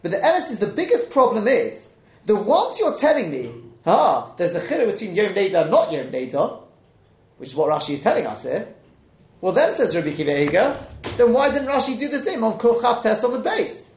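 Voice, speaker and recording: A man teaching a Talmud class, questioning the texts out loud and mixing in Hebrew and Aramaic terms. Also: sits high, big pitch swings, a little fast, reverberant.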